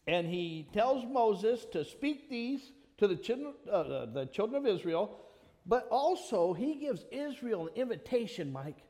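A man preaching a sermon, animated, calling on members of the congregation by name and quoting scripture. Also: high voice. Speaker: pastor. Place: church. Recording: long reverb of a church hall.

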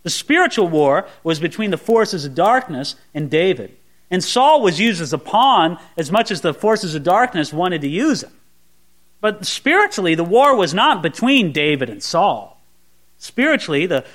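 A man preaching a verse-by-verse sermon, dropping to quiet asides and rising to emphatic peaks, sometimes mimicking gushing prayers. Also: sing-song, moderate pace. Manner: swings between soft low asides and bright emphatic peaks; voices imagined sweet prayers mockingly. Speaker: pastor. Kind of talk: expository sermon.

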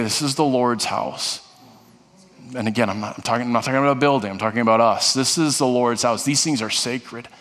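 In a church sanctuary, a male pastor preaches a sermon earnestly, frequently restarting and repeating phrases. His voice is medium-pitched with a fairly bright tone, and the recording carries the long reverb of a large hall.

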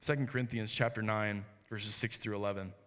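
In a reverberant church sanctuary, a man in his thirties preaches a heartfelt, conversational sermon with restarts. His voice sits on the low side, steady and a bit bright, at a fairly quick pace.

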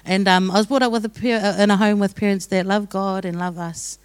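A woman's voice: mid-range voice, fairly even intonation, a little fast, no echo. Casual young woman giving church testimony. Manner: casual, joking, laughs often. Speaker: church speaker sharing testimony. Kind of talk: sermon testimony.

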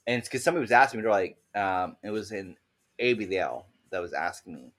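Animated swearing podcast co-host man. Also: deep voice, fast. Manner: animated storytelling, swears freely. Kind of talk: casual chat.

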